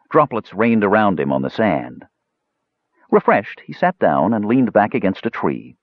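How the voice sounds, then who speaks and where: A man reads a fantasy audiobook with wildly swinging, animated pitch. His voice is low and husky. The recording is dry, dull and lo-fi. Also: no room sound. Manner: highly animated, expressive reading. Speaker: audiobook narrator.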